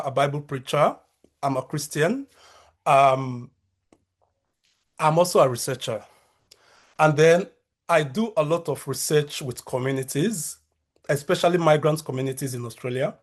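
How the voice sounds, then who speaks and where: A man from Nigeria with a Nigerian accent talks at an unhurried pace over a video call, in a voice pitched slightly high for a man. He is a researcher and university lecturer who chooses his words with care, restarting phrases and filling pauses with "um" as he goes. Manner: measured, careful delivery with frequent fillers and restarts.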